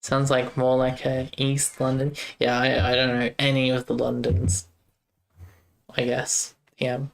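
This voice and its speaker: A young streamer talks through code in a loose, rambling way, breaking off to chat with viewers. The voice stays flat and even, with a gravelly fry underneath. The talk is relaxed and unscripted, live game-dev stream chatter. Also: medium pitch, measured pace. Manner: rambling, thinks aloud, chats with viewers. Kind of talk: casual live-stream chat while coding.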